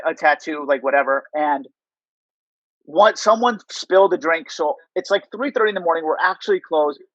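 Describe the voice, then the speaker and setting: A man's voice: fairly high pitch, fairly bright tone, no room sound, muffled recording. A man being interviewed, telling casual stories and filling them with "like" and "you know". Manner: rambling, heavy use of "like" and "you know". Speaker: interview guest. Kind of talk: casual storytelling.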